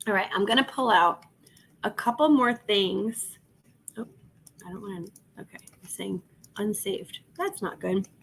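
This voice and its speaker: A woman's voice: mid-range voice, measured pace, creaky, long pauses, fairly bright tone, a little hiss or hum. A woman hosting a casual reselling livestream, chatting with viewers while she lists items and laughing often. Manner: chatty, laughs often, reads chat aloud.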